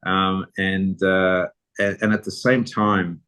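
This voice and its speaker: A middle-aged man with a very low voice that stays level and barely rises or falls. He tells long, rambling anecdotes in a relaxed, casual way as a podcast guest. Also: takes it slowly, smooth. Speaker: guest photographer. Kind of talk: casual interview storytelling.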